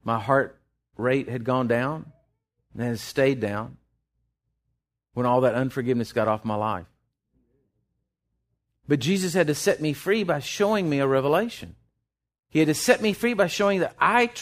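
A man preaching a sermon, impassioned, rising loud then dropping soft, often restarting his words. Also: fairly high pitch, measured pace, pauses often.

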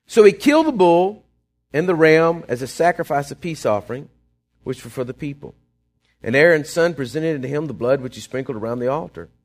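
A man with a slightly high voice preaches in a folksy, conversational style. He checks in with the congregation often and moves between quiet asides and emphatic bursts. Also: lively intonation, a little fast. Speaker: pastor. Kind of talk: sermon.

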